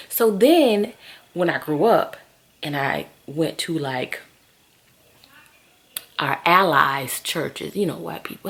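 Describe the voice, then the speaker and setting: A woman, telling stories to camera in a lively, gossipy way and calling her viewers "girl". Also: sits low, a little slow, gravelly. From Southern US. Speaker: vlogger. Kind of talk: casual chatty storytelling to camera.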